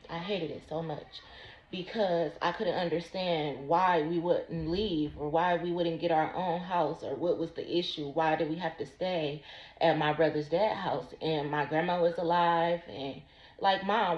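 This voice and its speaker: A woman telling a personal story slowly and deliberately to her vlog audience. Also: deep voice. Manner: slow, deliberate recounting. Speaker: vlogger. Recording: roomy, dull lo-fi sound.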